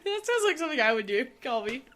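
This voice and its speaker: A woman's voice: high voice, sing-song, fast, a bit bright. Playful, laughing woman co-host. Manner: laughs often, playful banter. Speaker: podcast co-host. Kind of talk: casual chat.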